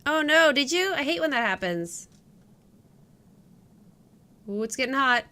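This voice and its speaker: Bright excitable woman streamer. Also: high-pitched, a little slow. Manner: jokey and excitable, talking to chat. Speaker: game streamer. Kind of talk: casual live gameplay commentary.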